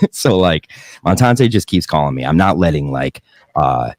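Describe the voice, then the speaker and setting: A man's voice: a bass voice, big pitch swings, unhurried, darkish tone, no room sound. A young man hosting a podcast, talking casually, profanely and in a rambling way, often laughing. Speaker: podcast host.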